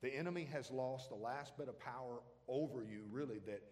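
A man's voice: medium pitch, fairly quick, darkish tone, a little hiss or hum. Man preaching in a reverberant hall. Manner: conversational preaching with call-and-response questions to the congregation. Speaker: pastor. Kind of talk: sermon.

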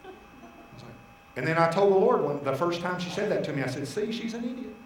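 A male pastor preaching a sermon, telling personal stories with animated asides and quoted dialogue. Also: fairly high pitch, fast, echoey room, noisy background. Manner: animated storytelling, voicing God and his wife in asides.

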